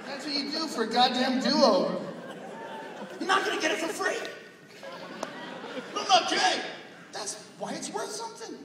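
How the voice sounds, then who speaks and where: Male stand-up comic, high and lively voice, profane and shouting, recorded from far off in a big echoey hall over a loud crowd. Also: normal speed, pauses often. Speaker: stand-up comedian. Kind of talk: live stand-up set. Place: large live venue with an audience. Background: loud crowd laughter and noise.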